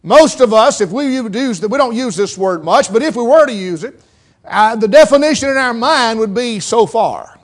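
High-voiced folksy mountain preacher man. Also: expressive, moderate pace. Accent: Southern US mountain. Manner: folksy, conversational preaching with acted-out quotes. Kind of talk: sermon.

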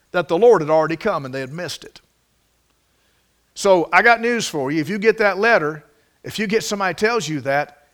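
A man's voice: sits high, a bit bright. A man preaching a sermon, emphatic and prone to restarts. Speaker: pastor.

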